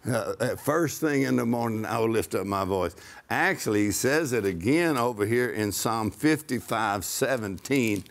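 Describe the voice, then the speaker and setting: A man preaching in a conversational way, emphatic, slowing down to quote scripture and laughing now and then. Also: mid-range voice, lively intonation, gravelly.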